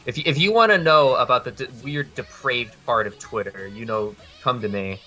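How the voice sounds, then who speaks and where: A man's voice: mid-range voice, moderate pace, sharp tone, soft background music. A man chatting as a podcast guest, blunt and casual, swearing freely and laughing often. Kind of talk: casual chat.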